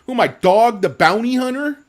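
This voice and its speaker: A man's voice: extremely high pitch, expressive, fairly quick. A man hosting a casual stock market show, ranting in a profane, sarcastic, rambling way with comic insults. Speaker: stock commentary host.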